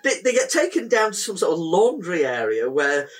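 A man's voice: sits high, big pitch swings, normal speed, a little hiss or hum. A man co-hosting a casual film-review chat, recapping the plot with amused laughter. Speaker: podcast co-host.

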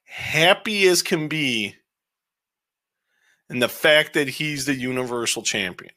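A man co-hosting a podcast, giving a casual, rambling, animated review with plenty of swearing. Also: fairly high pitch, slow. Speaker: podcast co-host. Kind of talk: casual show review chat.

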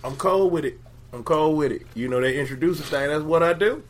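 A man's voice: on the high side, a little fast. Playful joking man co-hosting. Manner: playful, joking, slangy banter. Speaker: podcast co-host. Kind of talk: casual comedic sports chat. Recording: faint background noise.

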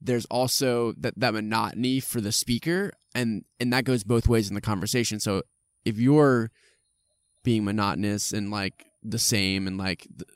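A man speaking as a podcast guest, relaxed and reflective, often searching for words, recorded outdoors in a park. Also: fairly low pitch, moderate pace, clean tone, dry recording, studio quality. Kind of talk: casual podcast chat. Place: outdoors in a park under a tree.

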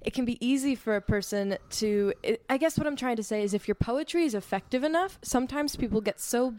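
Smooth-voiced woman in casual chat. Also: a little high, a little fast, darkish tone. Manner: reflective, thinks aloud with restarts. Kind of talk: casual chat about songwriting.

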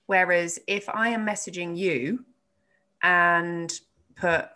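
A woman's voice: fairly low pitch, steady tone, slow, bright, forceful tone. A woman who teaches yoga, co-hosting a casual chat, swearing freely and laughing often. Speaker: podcast co-host, yoga teacher.

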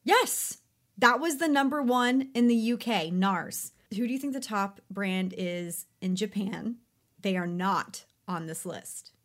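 A woman co-hosts a podcast in a relaxed, chatty way. She runs through lists and quizzes her co-host with easy, conversational energy. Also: mid-range voice, unhurried. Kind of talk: casual podcast chat.

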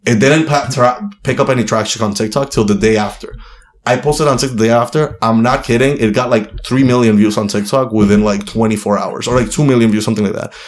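A man's voice: medium pitch, steady tone, fast talker. A young man from Miami, a guest comedian, telling a story in a rambling, profane way full of fillers. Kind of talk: casual podcast storytelling. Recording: roomy echo.

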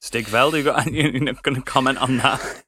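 A man's voice: medium pitch, moderate pace, sharp tone, slightly rough. A man playing a tabletop game, teasing and giggly. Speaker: player. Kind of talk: casual tabletop play.

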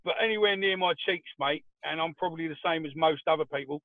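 A man's voice: fairly high pitch, fast, vocal fry, dry recording. A man co-hosting a podcast, telling rowdy anecdotes and swearing freely. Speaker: podcast co-host. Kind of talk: casual chat. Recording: tinny phone line.

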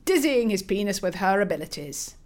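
A woman's voice: medium pitch, sing-song, a little fast, darkish tone. Woman narrating a bawdy comic story.

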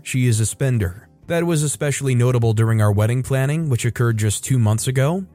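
Guy narrating reddit-style stories, chatty and animated, mid voice, soft music faintly under it. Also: mid-range voice. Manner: conversational, animated reading with chatty asides. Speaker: story channel host. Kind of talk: reading internet stories aloud.

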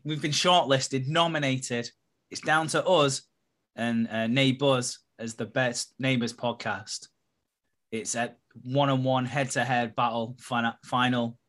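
A man's voice: medium pitch, steady tone, slow, fairly bright tone. A man hosting a podcast, chatting with friends in a jokey way and laughing often. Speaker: podcast host. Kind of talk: casual chat among friends.

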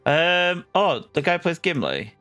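A man player explaining his game moves quickly and with laughter. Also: on the high side, huge pitch swings, sharp tone, clean tone, no room sound, soft background music. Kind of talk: casual chat.

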